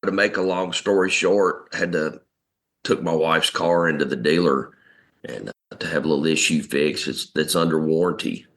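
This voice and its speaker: A man's voice: extremely low pitch, fairly even intonation, moderate pace, a bit bright. A man in a recovery meeting casually telling a frank story about his own day.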